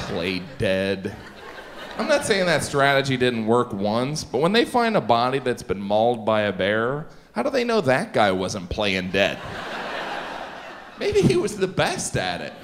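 Middle-aged male stand-up comic, animated and slightly high voice, live club recording with clear audience noise. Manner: quick shifts into silly character voices. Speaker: stand-up comedian. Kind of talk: stand-up comedy. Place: stage before a laughing audience.

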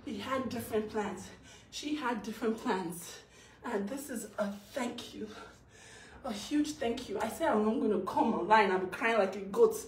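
A woman recording an emotional celebratory vlog at home, chanting, laughing and talking fast between cries of joy. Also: fairly high pitch, slight background noise. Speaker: vlogger. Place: her home, indoors. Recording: roomy, distant from the mic.

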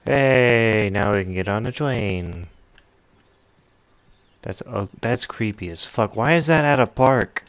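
A man's voice: fairly low pitch, expressive, takes it slowly, no echo. A man streaming a game, giving laid-back, joking commentary and mocking the characters. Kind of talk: casual gaming commentary.

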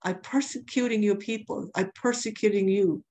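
A woman's voice: mid-range voice, steady tone, moderate pace, mellow. A woman preaching a sermon, telling a testimony in an earnest way and repeating phrases for emphasis.

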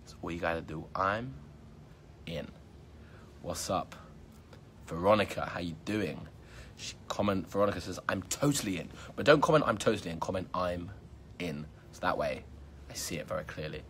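A man with a deep, low voice chats casually on a live stream and reads fans' comments out one after another. He keeps it upbeat and hypes his viewers, with plenty of "um" and "like." A faint hum sits underneath. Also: moderate pace, long pauses, fairly bright tone. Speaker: magician hosting a live stream. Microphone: phone or laptop live stream.

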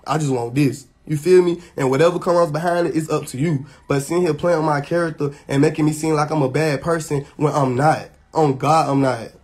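Husky man venting heatedly to viewers. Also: a little high, steady tone, a little fast, few pauses, a little mellow. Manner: heated and emphatic, swearing, many restarts. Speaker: social media personality. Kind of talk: venting straight to camera.

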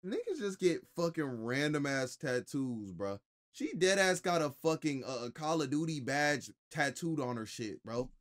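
A man streams his reaction to a video, commenting casually in a blunt, mocking way with lots of profanity. His fairly high voice swings widely in pitch at a measured pace.

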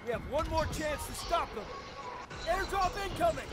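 A stern wartime commander barks clipped orders in a video game. The pitch sits very high and swings widely. Loud game music plays behind the voice. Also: male voice, expressive, moderate pace. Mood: commanding. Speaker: in-game announcer. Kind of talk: scripted game voice lines.

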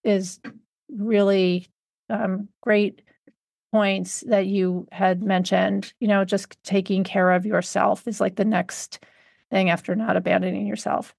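Gravelly-voiced woman podcast host, halting. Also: mid-range voice, level tone, a little mellow, no room sound, clean studio sound. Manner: halting, searches for words with fillers. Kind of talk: casual conversational interview.

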